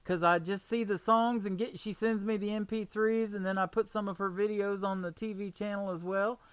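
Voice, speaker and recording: A woman's voice: mid-range voice, steady tone, normal speed, clean tone, no room sound. Chatty Southern Missouri woman radio host. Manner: chatty, warm, laughs easily, rambling restarts. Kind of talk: casual radio interview.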